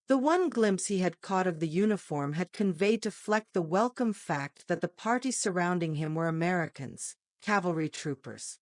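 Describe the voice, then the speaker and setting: A woman narrates a novel in an expressive audiobook reading. Her voice sits somewhat low but moves widely. The sound is dry and close. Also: normal speed, few pauses, no echo. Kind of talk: scripted narration.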